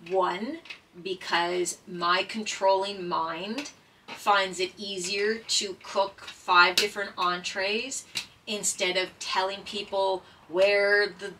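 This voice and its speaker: A woman and former paramedic talking casually and earnestly while doing a jigsaw puzzle, halting with many fillers and holding back tears. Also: mid-range voice, sharp tone, distant mic, slight background noise, rough recording.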